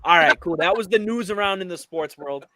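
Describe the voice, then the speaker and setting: A man's voice: high-pitched, a little fast, pushed and bright. A man hosting a casual sports podcast, playful and teasing as he runs the segments.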